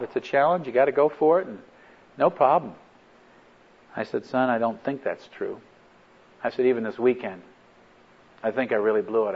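A middle-aged man giving a talk, retelling a family story in an earnest, halting way and quoting each line of dialogue. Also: medium pitch. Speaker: speaker. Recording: dull lo-fi recording.

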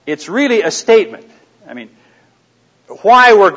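A man teaching a live audience in a conversational way, asking them questions and dropping into quiet asides. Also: a little high, very animated, unhurried. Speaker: seminar speaker. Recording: dull lo-fi recording.

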